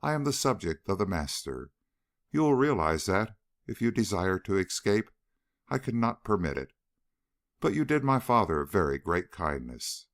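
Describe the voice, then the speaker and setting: A man's voice: low voice, very animated, normal speed. A man reading the part of a bitter young man who formally offers a guarded friendship in an audiobook.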